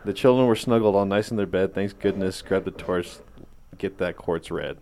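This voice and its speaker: A low-pitched man reading a rhyming holiday parody poem on a podcast. His delivery is casual and hesitant, with stumbles and restarts, and he pokes fun at himself. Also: moderate pace, a little mellow, a little hiss or hum. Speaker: podcast co-host.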